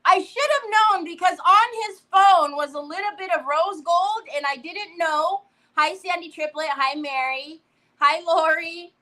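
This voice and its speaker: Woman, craft livestream host, high voice, unhurried delivery, chatty and animated. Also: rough recording. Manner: animated, greets viewers by name.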